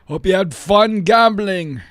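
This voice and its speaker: A young man chatting casually on a stream, joking and exasperated, sometimes shouting. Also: high-pitched, expressive, takes it slowly, no room sound, clean studio sound. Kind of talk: casual chat.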